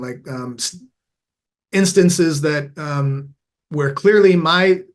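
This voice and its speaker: A man as a podcast guest, telling a candid personal story in an earnest, reflective way and often restarting his phrases. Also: fairly high pitch. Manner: animated when acting out past moments. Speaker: podcast guest, veteran turned mindfulness coach.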